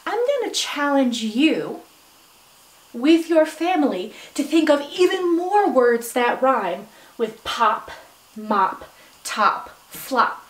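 A high-pitched woman teacher leads young children through a phonics lesson, drawing each word out slowly and cheering them on with sudden excited praise. Her voice is caught from across an echoey room, away from the mic. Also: far from the mic. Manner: slow, encouraging, stretching out word sounds. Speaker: substitute teacher.

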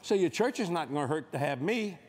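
High-voiced joking male preacher. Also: very animated, fairly quick. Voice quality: folksy, joking, storytelling delivery. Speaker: guest preacher. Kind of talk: humorous sermon at a convention. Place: large convention hall stage.

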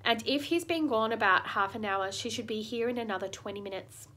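A woman's voice: on the high side, brisk, pushed and bright. A woman voicing a practical, motherly female beaver in a storybook reading. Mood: urgent. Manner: practical and warning.

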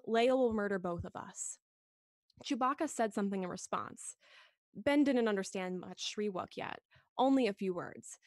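Woman reading a kids' story aloud, gentle and expressive, mid-range voice, close dry mic. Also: medium pitch, dry recording. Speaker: podcast host reading a story. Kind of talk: read-along storytelling.

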